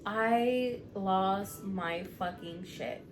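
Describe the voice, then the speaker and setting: A woman in her thirties, a podcast co-host, telling a profane, animated story in casual chat. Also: mid-range voice, extremely slow, slight background noise.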